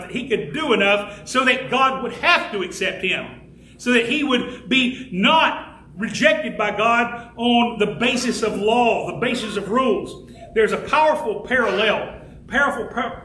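A man preaching a fervent sermon as pastor, building to shouts and slowing down to stress key words. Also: high voice, a little hiss or hum. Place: church sanctuary. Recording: echoey church room with faint ambience.

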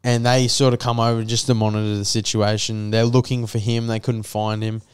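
A man's voice: lowish voice, little pitch movement, a little fast, darkish tone, smooth. Swearing Australian man telling a story. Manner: crude, swearing, acts out quotes in the story. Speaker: podcast host. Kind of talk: casual storytelling chat.

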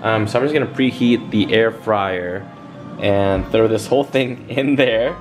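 Young male vlogger, low-pitched voice, relaxed slangy delivery, clear lo-fi music bed under him. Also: measured pace. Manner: laid-back slangy talk. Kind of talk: casual vlog chat. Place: home kitchen and grocery store.

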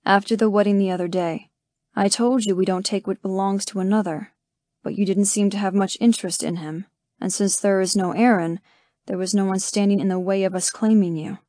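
A woman reading an audiobook, voicing a blunt, possessive cowboy with a low, firm delivery. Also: fairly even intonation, brisk, a little mellow, no echo, clean studio sound, lightly acted. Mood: assured. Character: rough, blunt cowboy man, commanding and possessive.

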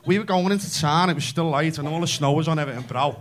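A Scouse man in his thirties working a comedy club crowd with a stage mic. His voice sits high for a man, and he races through his stories with brash, sweary energy. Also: slight background noise. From Liverpool, England. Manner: brash, sweary, fast storytelling. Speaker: stand-up comedian. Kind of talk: stand-up comedy.

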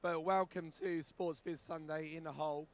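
A man, hoarse and short of voice, presenting a live conference talk in a friendly, relaxed way with frequent ums. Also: on the high side, normal speed. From United Kingdom.

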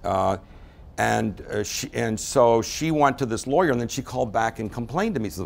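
A man's voice: lowish voice, expressive, a little fast, creaky. A man giving a talk to a live group, telling stories and acting out the people he quotes. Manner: storytelling, acts out quoted people in changing voices. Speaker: speaker teaching about relationships.

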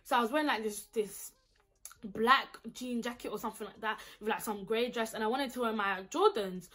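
A woman's voice: a little high, fairly quick. Indignant young London woman telling a story. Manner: animated, indignant, slangy storytelling. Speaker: vlogger. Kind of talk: storytime vlog.

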